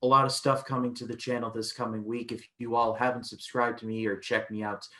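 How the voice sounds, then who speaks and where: A man's voice: mid-range voice, flat delivery, a little fast, sharp tone. A man co-hosting a film review podcast, chatting casually and stumbling through restarts as he retells scenes.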